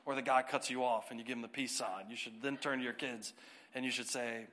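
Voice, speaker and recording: A man's voice: mid-range voice, fairly even intonation, fairly quick, sharp tone. A man preaching as a pastor in a church service, reading scripture, praying and joking casually with the congregation. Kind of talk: sermon with scripture reading and prayer. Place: church sanctuary.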